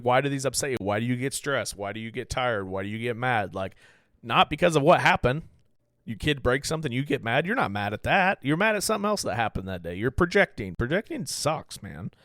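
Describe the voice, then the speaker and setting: A man's voice: mid-range voice, dry recording, clean studio sound. A man hosting a podcast, talking candidly and a bit rambly about handling anger, swearing freely in casual chat. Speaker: podcast host. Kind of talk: casual self-reflective talk.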